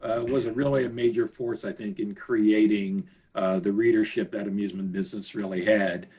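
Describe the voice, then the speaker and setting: A man, a guest journalist, reminiscing in a halting way with many fillers. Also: lowish voice, fairly even intonation, a little mellow, slightly rough. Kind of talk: casual interview chat.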